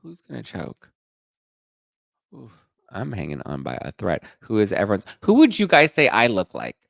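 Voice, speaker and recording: Sassy guy dishing reality tv gossip, lowish voice, dry close mic, lots of mock outrage. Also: huge pitch swings, normal speed, vocal fry, fairly bright tone, no room sound. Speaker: host. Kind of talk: casual chat with live chat.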